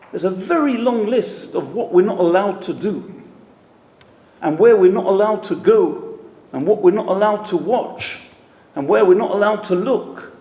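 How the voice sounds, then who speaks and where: Brief: high-voiced, gravelly male rabbi lecturing to an event crowd, roomy hall sound. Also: a little mellow. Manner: storytelling, emphatic. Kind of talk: sermon-style talk at an event. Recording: echoey hall with long reverb.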